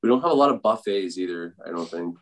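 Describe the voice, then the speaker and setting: A man's voice: low-pitched, animated, quick pace, fairly bright tone. A man from Canada, a guest in a casual podcast chat, who talks bluntly and swears freely.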